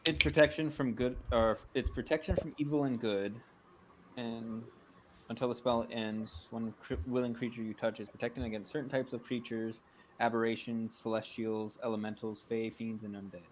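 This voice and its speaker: A man's voice: mid-range voice, fairly even intonation, moderate pace, slight background noise. A man playing a tabletop game, reading rules aloud plainly. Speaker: player.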